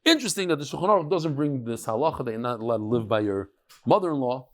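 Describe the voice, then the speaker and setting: A middle-aged man teaching a lively Talmud lesson to a live audience, mixing Hebrew and Yiddish terms and joking with listeners. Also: medium pitch, fast. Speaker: rabbi teaching a daily Talmud class. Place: study hall with a live audience.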